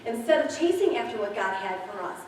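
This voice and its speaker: A pastor in her forties addresses her congregation in a church sanctuary, her voice a little high, a little mellow, very animated, and fairly quick. She chats candidly through personal stories. The mic sits far away, making the sound very echoey, with slight background noise.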